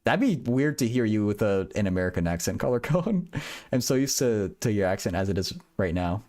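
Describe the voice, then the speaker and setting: A man's voice: fairly low pitch, sing-song, brisk, darkish tone. A young man hosting a livestream, chatting casually with viewers about a physics problem, rambling and laughing at himself with lots of repeated words. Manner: rambling, self-deprecating, giggly, stammers with repeated words. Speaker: livestream host solving math and physics problems.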